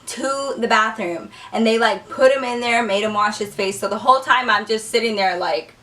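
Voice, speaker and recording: A young woman spins a storytime tale in a bright, forceful voice that sits a bit high. She is animated and swears freely, jumping her pitch up when she quotes people. She sounds slightly distant from the microphone. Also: normal speed. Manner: animated, profane, acts out quotes with big pitch jumps. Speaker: storytime vlogger. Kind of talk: casual storytelling.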